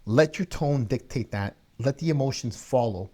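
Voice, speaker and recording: An energetic man teaching viewers how to speak on camera, leaning hard on key words. His voice sits in a middle range and stays lively and emphatic throughout. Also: medium pitch, moderate pace. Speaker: video coaching host. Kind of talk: energetic instructional talk.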